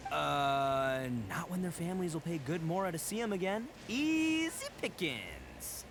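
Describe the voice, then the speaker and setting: Itto, a brash oni gang boss. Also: male voice, fairly high pitch, huge pitch swings, unhurried, gravelly, background noise, exaggerated voice. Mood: boastful. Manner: loud, blustering, stammers when caught out. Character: brash boastful oni gang boss, young adult man.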